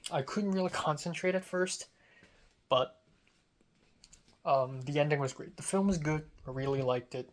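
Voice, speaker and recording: A man's voice: a little high, moderate pace, pauses often. A young man telling about his day in a casual diary vlog, rambling with many fillers and restarts. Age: young adult. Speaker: vlogger.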